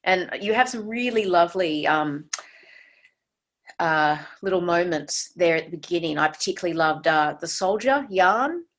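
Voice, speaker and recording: A woman's voice: on the low side, lively intonation, normal speed. A woman bookseller interviewing an author on a video call, encouraging him with short agreeing sounds. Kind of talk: conversational interview.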